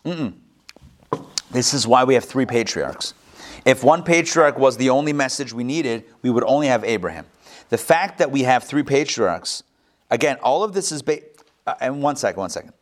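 A rabbi giving a live Torah class, animated, with joking asides and quick self-corrections. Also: male voice, medium pitch.

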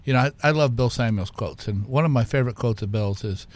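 Man telling an animated story. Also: medium pitch, quick pace. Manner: animated anecdote-teller with fillers and restarts. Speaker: guest, whiskey company co-founder. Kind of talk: conversational storytelling.

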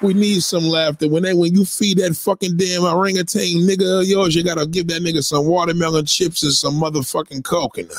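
A man hosting a livestream, ranting bluntly and lecturing his viewers between shout-outs. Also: high voice, level tone, fairly quick, hardly any pauses, no echo, studio quality. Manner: blunt and preachy, swears constantly, lectures the chat. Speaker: livestream host. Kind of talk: profane livestream rant.

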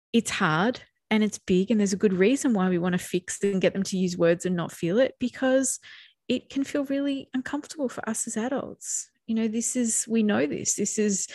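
A woman's voice: medium pitch, no room sound. A woman co-hosting a podcast, talking in a loose, easygoing way. She laughs often and slips into acting out what others say. The sound is close and dry, with no room around her. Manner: animated, acts out quoted speech, laughs often. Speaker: podcast co-host. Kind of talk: casual conversational podcast.

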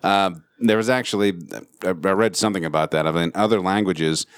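A man's voice: low-pitched, a little fast, smooth, no echo. A man co-hosting a casual podcast chat, joking, swearing freely and laughing often. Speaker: podcast co-host. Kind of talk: casual banter.

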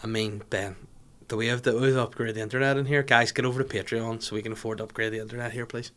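A man's voice: medium pitch, steady tone, rapid-fire, a bit bright. A young man hosting a comedy podcast, chatting in a rambling, sweary, mocking way. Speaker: podcast host. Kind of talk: casual comedic podcast chat.

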